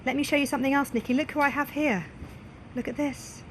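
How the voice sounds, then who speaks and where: A woman's voice: high-pitched, steady tone, fast talker, a little hiss or hum. A woman presenting live news in a studio, joking and playful with her colleagues between stories. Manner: playful, jokey asides to colleagues. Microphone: presenter's mic, earpiece in ear.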